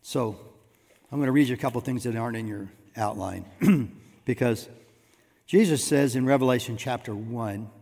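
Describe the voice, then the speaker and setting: A man preaching a sermon as pastor, swinging between hushed asides and loud emphatic bursts. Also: medium pitch, normal speed, creaky. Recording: long reverb of a church hall.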